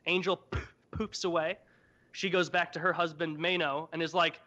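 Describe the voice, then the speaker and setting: A man's voice: on the high side, flat delivery, moderate pace, sharp tone. Young man joking through a retelling. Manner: irreverent, profane, joking retelling. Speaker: podcast co-host. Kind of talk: casual comedic storytelling. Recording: dull lo-fi podcast audio.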